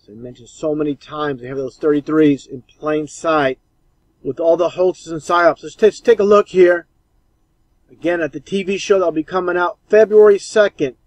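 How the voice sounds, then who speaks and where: A man's voice: fairly high pitch, steady tone, normal speed, a little mellow, no room sound, rough recording. A man commenting scornfully and insistently over old clips.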